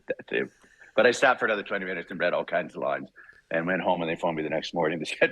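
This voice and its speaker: Older canadian guy, husky lowish voice, dry close mic, animated storyteller who laughs a lot. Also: fast, dry recording. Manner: animated anecdotes, acting out voices, laughs often. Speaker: guest voice actor. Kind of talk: casual interview storytelling.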